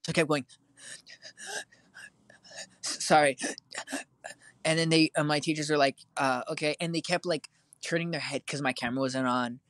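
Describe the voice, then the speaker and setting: A man's voice: on the high side, steady tone, fast, few pauses, fairly bright tone, dry recording. A teenage boy co-hosting a casual chat, telling a long story with lots of fillers and restarts. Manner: rambling, filler-heavy storytelling.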